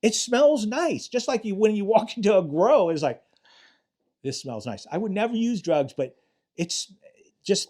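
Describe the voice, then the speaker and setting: A man's voice: high-pitched, a little mellow. An older man, a retired police detective, telling rambling, profane stories in a casual interview, often restarting his sentences.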